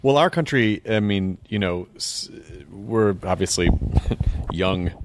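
A man hosting a talk show, chatting in a joking, halting way. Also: fairly low pitch, lively intonation, noisy background. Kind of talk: casual chat.

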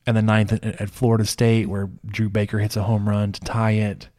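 A man's voice: on the low side, moderate pace. A man hosting a podcast, chatting casually about sports with easy restarts. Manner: relaxed, repeats words. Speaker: podcast host.

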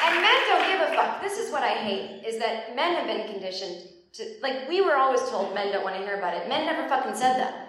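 A woman's voice: mid-range voice, pushed and bright. A woman in her forties doing stand-up comedy and chatting with the crowd in a rambling, self-deprecating, profane way. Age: 40s. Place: comedy club stage. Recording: very echoey club with noise.

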